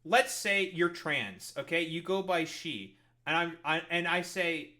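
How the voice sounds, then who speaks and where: A man's voice: on the high side, a little slow, hardly any pauses, pushed and bright. A man streaming a reaction to a clip, ranting about politics with constant swearing and mocking exasperation. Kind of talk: profane political rant.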